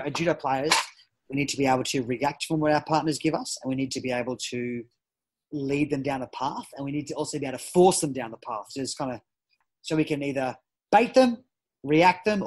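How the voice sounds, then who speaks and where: A man's voice: medium pitch, a little fast, low-quality recording. A man, a judo coach, talking casually and energetically in a podcast interview, with frequent restarts. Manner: energetic, animated storytelling with many restarts. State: a parent at home. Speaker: judo coach and former Olympian, guest.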